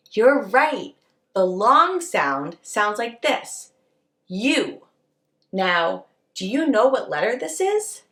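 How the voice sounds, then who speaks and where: A woman teaching preschoolers at circle time, her fairly high voice swooping up and down with every phrase. She speaks slowly and patiently, coaxing the children along in an echoey room. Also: a bit bright. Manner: slow, sing-song and encouraging, addressing children as friends.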